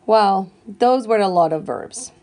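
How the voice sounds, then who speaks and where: A woman teaching Spanish grammar, slowly and carefully dictating verb forms one at a time. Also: medium pitch, expressive, darkish tone. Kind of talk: classroom grammar lesson.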